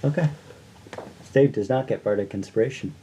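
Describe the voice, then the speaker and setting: A woman's voice: a bass voice, moderate pace, warm tone, slight background noise, low-quality recording. A woman playing a tabletop game, describing her bard's actions hesitantly with many ums. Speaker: player.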